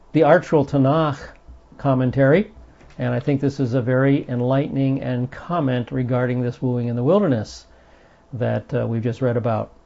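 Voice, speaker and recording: Captured in dull lo-fi audio, a man teaches a Bible study in an earnest, emphatic manner, putting stress on the passages he reads out. He's a Bible teacher with a mid-range, darkish voice and vocal fry.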